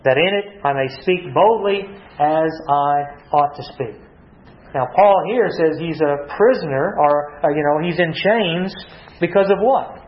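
A man's voice: a little high, measured pace. Man teaching scripture in an echoey hall. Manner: asks rhetorical questions, reads scripture aloud. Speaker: preacher. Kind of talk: Bible teaching sermon. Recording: echoey, dull lo-fi.

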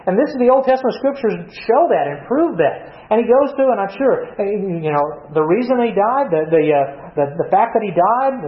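A man preaching a sermon, reading scripture and asking questions he answers himself. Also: high-pitched. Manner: asks questions then answers them himself. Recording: echoey room, slightly dull sound.

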